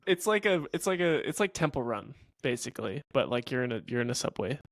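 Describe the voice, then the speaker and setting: A man co-hosts a podcast over a video call, playful and quick to giggle. His voice sits mid-range, and the recording is dry and close. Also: medium pitch, big pitch swings, vocal fry, dry recording. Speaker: podcast co-host. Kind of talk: casual chat on a video call.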